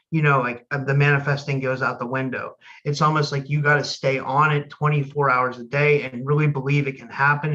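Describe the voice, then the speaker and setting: A man's voice: mid-range voice, sharp tone, muffled recording. A man hosting a podcast in casual conversation, rambling and restarting his sentences as he thinks aloud. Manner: rambling, many restarts and fillers. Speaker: podcast host.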